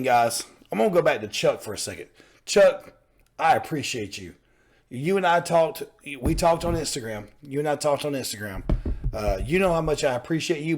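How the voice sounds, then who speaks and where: A man hosting a reaction channel, talking in an earnest, fired-up way and repeating himself for emphasis. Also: a little high. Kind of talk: casual reaction commentary.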